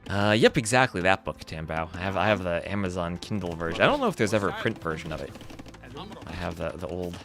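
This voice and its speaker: Man, esports caster, deep gravelly voice, lively pitch, animated play-by-play, faint music behind. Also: fast. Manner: animated play-by-play, chatting with viewers. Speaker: esports caster and stream host. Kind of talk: live-streamed strategy game commentary.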